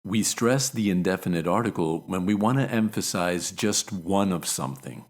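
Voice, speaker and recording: Deep-voiced American man teaching pronunciation. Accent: American English. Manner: clear, measured, repeats examples slowly. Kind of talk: scripted pronunciation lesson.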